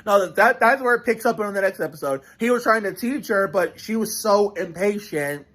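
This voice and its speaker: A man's voice: sits high, moderate pace, fairly bright tone. A man casually reacting to a show on camera, rambling with frequent restarts and swearing. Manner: rambling, profane, many restarts.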